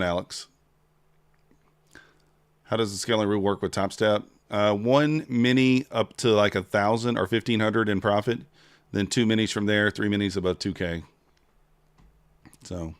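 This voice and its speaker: A man with a somewhat low voice hosts a casual livestream, talking straight to his viewers and answering their comments. The sound is dry and close. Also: smooth, dry recording. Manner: chatty, answers viewer chat, hurried giveaway countdown. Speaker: livestream trading host.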